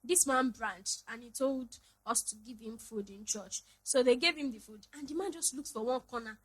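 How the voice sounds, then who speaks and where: Animated young Nigerian woman storyteller. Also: fairly high pitch, normal speed, slightly rough, low-quality recording. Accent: Nigerian English. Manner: animated, dramatic, laughing retelling. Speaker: podcast host. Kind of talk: casual storytelling monologue.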